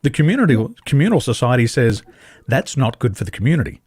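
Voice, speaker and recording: A man's voice: medium pitch, very animated, fast, darkish tone, slightly rough, dry recording, studio quality. A man with an Australian accent, a podcast guest talking bluntly in casual conversation and laughing at his own jokes.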